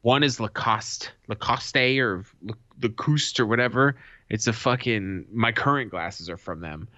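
A man co-hosting a podcast, telling a story in a casual, animated way and swearing freely. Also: on the low side, measured pace, no echo. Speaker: podcast co-host. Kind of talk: casual chat. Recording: dull lo-fi sound.

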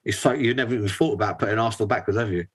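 A young man chatting as a guest over a video call, in a somewhat low voice. He's relaxed and rambling, leaning on fillers as he goes. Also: very fast. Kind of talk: casual video-call interview.

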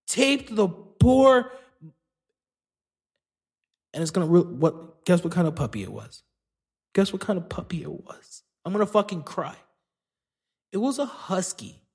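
On his solo comedy podcast, a man with a very high, slightly bright voice rants with heavy profanity and indignation. He speaks slowly, drawing out his words.

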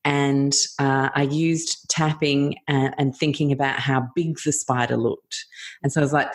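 A woman with a notably low voice hosting a casual podcast. She talks loosely and warmly, with plenty of fillers. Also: a little slow. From Australia. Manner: relaxed, chatty, filler-heavy. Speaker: podcast host.

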